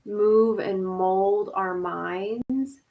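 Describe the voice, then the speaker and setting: A woman's voice: mid-range voice, drawn-out words, phone-quality sound. Chatty laughing woman hosting a live stream. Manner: chatty, laughing, uses "y'all" and "like" often. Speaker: host. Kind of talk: casual live-stream talk. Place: home, over video call.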